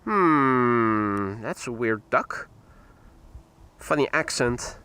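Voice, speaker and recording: A man's voice: mid-range voice, expressive, very slow, bright, forceful tone, smooth, voice pushed down, heavily acted. A man voicing a nervous, suspicious male duck who mutters about a stranger and wants to swim back to his group. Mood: wary.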